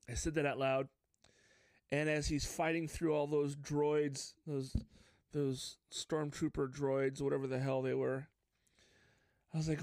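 A man hosting a casual solo podcast, telling stories in an excitable, openly emotional way. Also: on the high side, moderate pace, no room sound. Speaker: podcast host.

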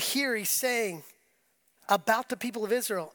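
A middle-aged man preaching a sermon, telling stories in a relaxed, conversational way with frequent laughs. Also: high voice, moderate pace. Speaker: pastor.

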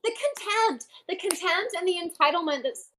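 A woman's voice: extremely high pitch, animated, moderate pace, fairly bright tone, slight background noise. A young woman co-hosting a podcast, blunt and freely swearing in casual chat. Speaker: podcast co-host.

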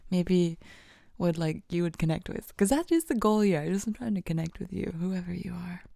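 A woman's voice: fairly low pitch, moderate pace, vocal fry, dark tone, dry recording, clean studio sound. A young woman hosting a casual solo podcast, rambling and self-deprecating, often laughing and dropping into whispers. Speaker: podcast host.

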